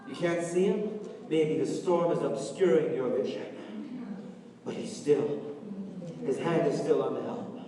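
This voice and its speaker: Male pastor preaching, slow and sing-song, big echoey church, mic far off. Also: on the high side, mellow. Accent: Canadian. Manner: preaching with rising, sing-song emphasis and repetition. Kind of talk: sermon. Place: church sanctuary.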